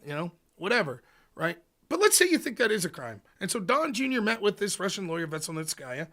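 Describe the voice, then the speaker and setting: A man hosting a livestream, talking politics in an animated, profane rant. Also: high voice, brisk. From United States. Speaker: livestream host. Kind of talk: casual political chat.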